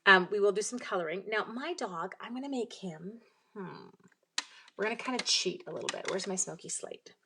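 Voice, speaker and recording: A woman's voice: medium pitch, expressive, normal speed, background noise. Chatty woman on a craft livestream. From Canada. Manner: chatty, rambling, reads viewer comments aloud. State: bouts of coughing. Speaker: card-making demonstrator. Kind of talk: casual live craft stream.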